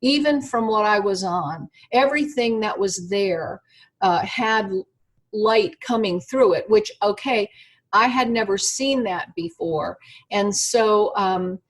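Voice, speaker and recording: In an internet-call interview, a woman with a mid-range voice shares something personal, speaking with animation yet stumbling through plenty of fillers and restarts as the guest.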